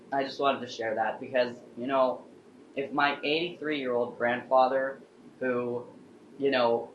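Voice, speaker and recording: A man's voice: medium pitch, a bit bright, a little hiss or hum. A young man telling a personal story in a casual, earnest and heartfelt way. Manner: earnest, heartfelt, acts out quotes. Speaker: vlogger. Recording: echoey room, dull lo-fi sound.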